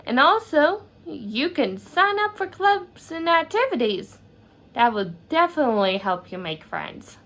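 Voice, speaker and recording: A woman's voice: sits high, big pitch swings, unhurried, fairly bright tone, pitched above the performer's own voice, full character voice. A woman voicing a teenage best friend who cheerfully reassures her worried pal. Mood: encouraging. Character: upbeat teen best friend, reassuring, bossy.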